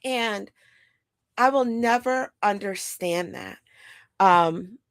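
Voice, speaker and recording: A middle-aged woman talks straight to the point in a blunt casual monologue. Her mid-pitched voice has a gravelly edge. The sound is close and dry with no room echo. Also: very slow. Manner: blunt, animated, quotes others in acted voices. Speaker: mother and podcast host.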